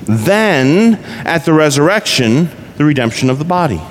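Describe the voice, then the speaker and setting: A pastor delivers a conversational sermon, putting rhetorical questions to his listeners. His voice runs slightly high and very animated at a moderate pace, recorded in a reverberant hall with faint background noise.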